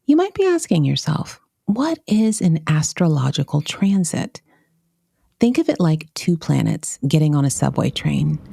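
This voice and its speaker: A woman's voice: sits low, vocal fry, dark tone, slight background noise. A woman hosting an astrology podcast, reading a scripted intro and then welcoming her guest.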